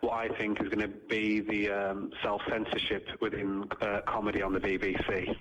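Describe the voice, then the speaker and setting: Low-voiced male caller, hesitant, on a dull hissy phone line. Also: little pitch movement, normal speed. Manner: hesitant, with fillers. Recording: muffled phone line with hiss.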